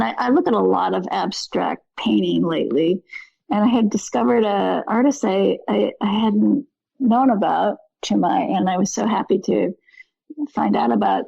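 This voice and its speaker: A woman guest with a very gravelly, husky voice talks in a rambling, earnest way and keeps correcting herself. Her tone is mellow and the recording is dry and a little dull. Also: medium pitch, no echo. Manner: rambling, earnest, with frequent self-corrections and soft laughs. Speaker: guest artist. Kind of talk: casual conversation.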